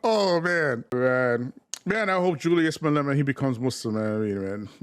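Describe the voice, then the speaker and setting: A man's voice: mid-range voice, big pitch swings, quick pace, smooth. A man hosting a livestream commentary, talking in a preachy, repetitive way and calling his viewers family. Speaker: host.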